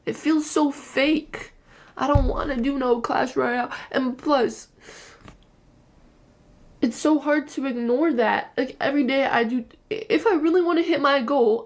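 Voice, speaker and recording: A young woman streamer venting to her chat, frustrated, swearing and rambling. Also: sits high.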